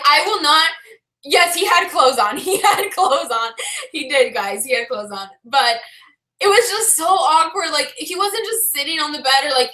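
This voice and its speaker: A woman's voice: high-pitched, pushed and bright, reverberant. A woman vlogger telling a story in a casual, chatty way, filling her talk with "like" and often breaking into laughter.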